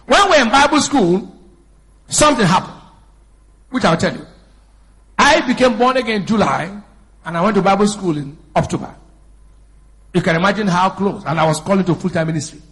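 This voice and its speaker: A man in his fifties preaching a sermon in church, swinging between shouted exhortation and chatty storytelling. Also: high-pitched, expressive, fairly quick, pauses often, slightly rough. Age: 50s. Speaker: pastor.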